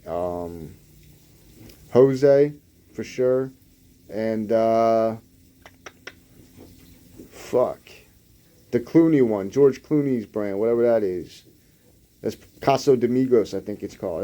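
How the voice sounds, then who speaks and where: A man's voice: lowish voice, warm tone. A man reading the news and riffing on it in a sarcastic, rambling, profane way. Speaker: host reading news with commentary. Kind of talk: casual news commentary.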